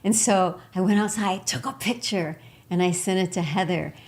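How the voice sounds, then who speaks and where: A woman with a slightly low voice co-hosts a spiritual talk show. She is from Texas and tells stories with warm enthusiasm, laughing often between thoughts. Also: normal speed. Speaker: co-host.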